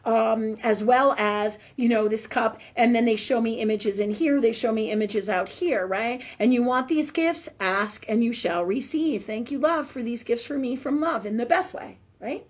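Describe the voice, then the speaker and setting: A woman acting as a medium hosts a live spiritual forum, chatting and praying while constantly tagging sentences with "right?" Her voice is on the high side, at normal speed with few pauses.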